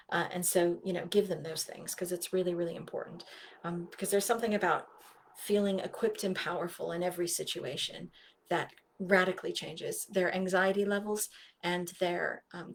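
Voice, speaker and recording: A woman giving an earnest, live-streamed talk to parents, often acting out conversations with kids and sometimes trailing off into soft asides. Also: fairly low pitch, creaky. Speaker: speaker for parents.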